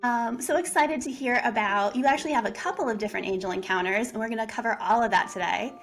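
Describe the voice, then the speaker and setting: A woman's voice: a little high, fast talker, soft background music. A woman hosting an interview, introducing her guest conversationally with a few fillers. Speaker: host.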